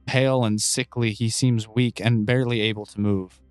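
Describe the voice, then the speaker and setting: Brief: man, game master narration, calm and descriptive, dry mic, light music bed. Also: lowish voice, moderate pace, clear, resonant tone, dry recording.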